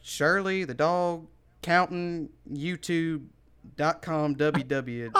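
A man's voice: on the high side, slow, a bit bright, clean tone, pitched above the performer's own voice. A man putting on the voice of a cheerful stranger proud of his dog, effusive and religious, calling everyone brother. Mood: cheery.

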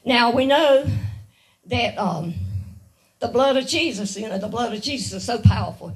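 A woman's voice: on the high side, expressive, normal speed, far from the mic, rough recording. A woman giving a guest sermon, earnest and repetitive, often laughing lightly between her points. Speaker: guest speaker.

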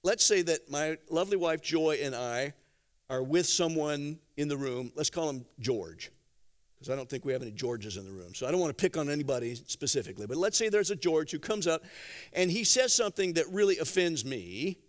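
Animated, lively-voiced male preacher. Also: on the high side, fairly quick. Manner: animated storytelling with acted-out quotes; conversational, gently humorous. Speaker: pastor. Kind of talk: sermon.

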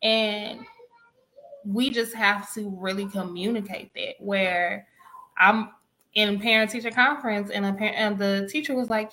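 A woman's voice: medium pitch, steady tone, a little slow, bright, forceful tone, rough recording. A woman, telling parenting stories in a casual panel talk and acting out the dialogue. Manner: emphatic storytelling, acts out dialogue.

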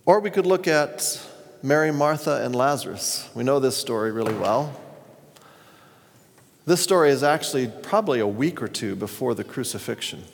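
A man's voice: mid-range voice, lively intonation, moderate pace, gravelly. Earnest male pastor in a reverberant hall. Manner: earnest storytelling, reads scripture aloud. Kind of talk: sermon.

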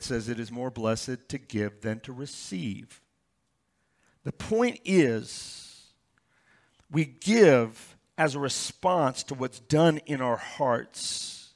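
A pastor giving a sermon, reading scripture verses aloud and explaining them with stories and asides. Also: male voice, mid-range voice.

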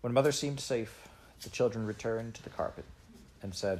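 A man reading a children's novel aloud in an unhurried, gently expressive way. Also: lowish voice, a little hiss or hum. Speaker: audiobook reader.

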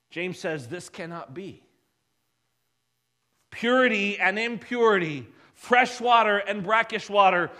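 A man preaching a sermon, emphatic, often dropping his voice low and quiet for weight. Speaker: pastor.

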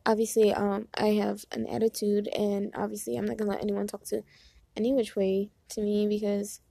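Gravelly, exasperated young woman chatting. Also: mid-range voice, little pitch movement, normal speed, dark tone, no echo. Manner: exasperated, rambling storytelling; dramatizes others in quoted asides. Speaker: vlogger. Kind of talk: casual chat.

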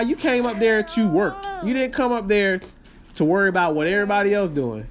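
A man's voice: sits high, lively intonation, fairly quick. A man hosting a podcast, telling a story as a casual, rambling rant full of fillers and restarts. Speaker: podcast host.

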